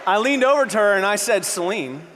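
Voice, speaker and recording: A man with a high voice tells stories from the stage in an animated sermon. He acts out the lines of the people in his stories and laughs with the audience. A long reverb from the large hall carries his voice over faint noise. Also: quick pace. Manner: animated, acts out quotes, laughs along with the crowd. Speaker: conference speaker. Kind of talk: energetic storytelling sermon.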